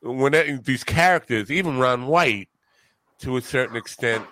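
Hosting a laid-back conversation, this Long Island New Yorker talks in a thoughtful, rambling way, restarting sentences and letting his tone drop. He speaks at normal speed with a medium-pitched, fairly bright voice and no room sound.

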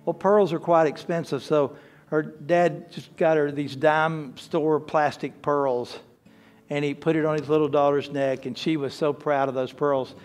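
A man's voice: on the high side, steady tone, measured pace, darkish tone. A man preaching a sermon, earnest and emphatic, telling a story to make his point. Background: faint guitar music.

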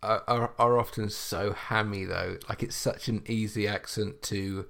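A man co-hosting a podcast, chatting in a relaxed, appreciative way about a sitcom. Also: fairly low pitch, measured pace, creaky. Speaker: podcast co-host reviewing a sitcom. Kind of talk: casual chat.

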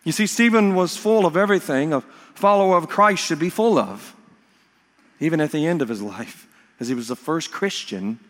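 A middle-aged man preaching a sermon as a pastor, slowing down to stress key phrases and breaking into storytelling asides. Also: a little high, lively intonation, fairly bright tone. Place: church sanctuary. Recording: long reverb of a large hall.

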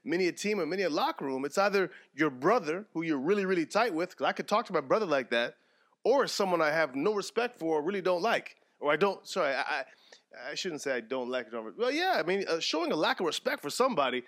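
A man co-hosting a sports podcast in casual chat, animated and jokey, breaking into mock play-by-play. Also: a little high, fast. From Canada. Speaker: podcast co-host.

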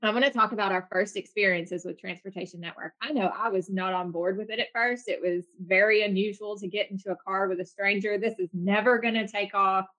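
A woman's voice: mid-range voice, fairly even intonation, brisk, hardly any pauses, fairly bright tone. A woman from Arkansas with a light Southern accent, hosting a casual conversation and steering the topic.

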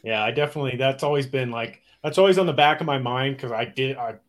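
Laid back guy guest, trips over his words a bit, mid pitch. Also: quick pace. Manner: easygoing, stumbles and repeats words. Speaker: guest, snake breeder. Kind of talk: casual chat.

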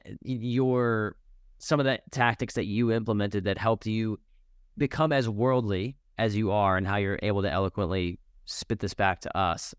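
Casual, curious male podcast host with a low, resonant voice. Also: smooth, no echo, clean studio sound. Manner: casual, curious, laughs easily. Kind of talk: casual interview chat.

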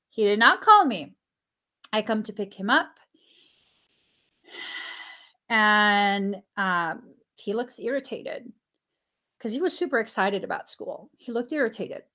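Woman guest, casual anecdotal storyteller; animated delivery with frequent laughter and acted-out dialogue. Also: unhurried. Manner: animated, laughs often while telling stories; acts out dialogue with sudden pitch jumps. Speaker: stay-at-home mom and podcast guest.

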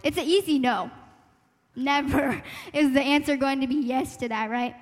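High-voiced young woman in a reverberant hall. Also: moderate pace. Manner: reflective, laughs lightly, talks through her thoughts with fillers. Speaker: panel speaker sharing a testimony. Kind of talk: earnest church youth talk.

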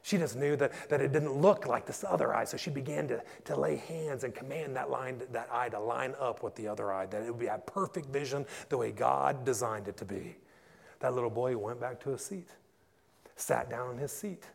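A man, a pastor, preaching a passionate sermon and telling stories that build to loud peaks. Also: mid-range voice, normal speed, gravelly. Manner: passionate storytelling, rising to shouts in climaxes. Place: church. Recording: echoey church hall.

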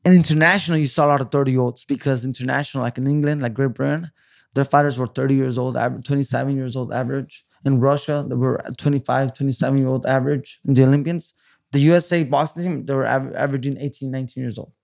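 A man in his thirties, from California, talks through his past in a relaxed interview. His voice has a gravelly edge, and he rambles with frequent restarts and fillers. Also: medium pitch, fast. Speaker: guest. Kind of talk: casual storytelling interview.

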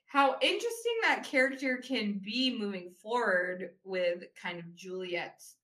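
A woman's voice: medium pitch, animated, a little slow, pushed and bright, reverberant. A woman co-hosting a podcast, chatting casually about a show and filling her talk with "like.". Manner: chatty, many "like" fillers. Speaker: podcast co-host. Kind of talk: casual chat recapping a show.

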